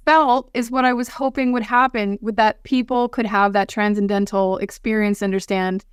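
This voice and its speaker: A woman's voice: medium pitch, little pitch movement, moderate pace, few pauses, clean tone, no room sound, clean studio sound. A woman guest on a podcast, speaking earnestly and from the heart, often restarting her sentences.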